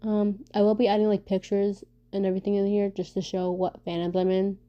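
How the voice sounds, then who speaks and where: A woman vlogging casually for her viewers, talking fast and stumbling over her words, with lots of fillers and restarts. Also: medium pitch, dull audio. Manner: fast talker who stumbles and stutters; many fillers and restarts, animated storytelling. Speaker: vlogger answering viewer questions. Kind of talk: casual rambling chat.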